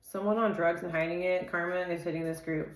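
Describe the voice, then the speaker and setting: A woman doing a relaxed tarot reading, her voice sitting a little low. She reels off card keywords in quick lists and drifts into laughing, chatty asides. The sound bounces around an echoey room. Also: a little hiss or hum. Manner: laughs easily and chats off-topic. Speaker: tarot reader.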